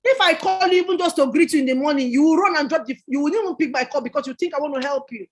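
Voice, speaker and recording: A woman delivers a motivational talk in a notably high voice. She is emphatic and repeats her phrases for effect, much like a preacher. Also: racing. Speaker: guest entrepreneur.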